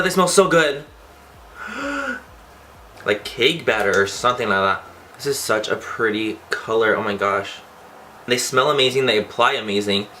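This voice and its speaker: A man's voice: mid-range voice, sharp tone, a little hiss or hum. A young man chatting casually through a makeup tutorial, campy and playful, swearing for fun. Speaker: beauty vlogger.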